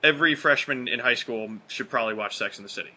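A man's voice: medium pitch, fast talker, crowd noise. A man co-hosting a podcast, chatting casually and animatedly, often restarting his sentences. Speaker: podcast co-host.

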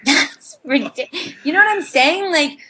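A woman's voice: high voice, bright, forceful tone, a little hiss or hum. A woman co-hosting a podcast, chatting casually and candidly, swearing freely. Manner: candid, swears, quick to laugh. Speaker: podcast co-host.

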